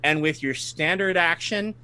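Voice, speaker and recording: Slow, higher-voiced male game master. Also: bright, forceful tone, clean tone. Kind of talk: narrating a tabletop game.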